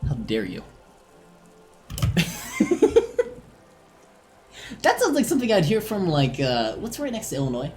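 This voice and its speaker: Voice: medium pitch, wildly swooping pitch, unhurried, long pauses, soft background music. A giggly, chatty streamer with a tiring voice. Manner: chatty, giggly, self-deprecating. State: voice strained and tiring. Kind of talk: casual live-stream chat.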